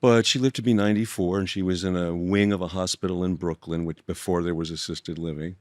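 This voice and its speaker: Deep, thoughtful older man telling stories. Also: fairly even intonation, dry recording, studio quality. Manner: gentle, thoughtful, halting with restarts. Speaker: guest author. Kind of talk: reflective storytelling conversation.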